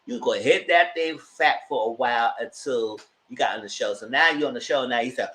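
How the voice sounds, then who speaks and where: Animated man recapping a reality show. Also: brisk, hardly any pauses, slight background noise, rough recording. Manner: animated, jumps to high-pitched exclamations when acting out reactions. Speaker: YouTube reviewer. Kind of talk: casual recap commentary.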